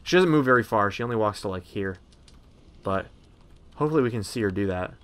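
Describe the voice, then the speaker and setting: A man's voice: lowish voice, lively intonation, brisk, a bit bright, clean tone. A man casually narrating a game walkthrough, chatty and rambling with many ums and uhs. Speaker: gameplay narrator.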